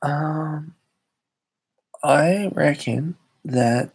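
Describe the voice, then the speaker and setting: Young Aussie male streamer, husky and low-energy, slow hesitant chat. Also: a little mellow. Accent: Australian. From Australia. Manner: rambling, hesitant, many fillers. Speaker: live streamer. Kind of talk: casual live stream chat.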